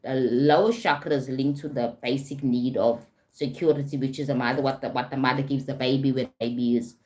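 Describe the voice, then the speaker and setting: A woman with a South African accent, a life coach talking on a live stream, often adding "right?" and "okay?" and greeting viewers. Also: very deep voice.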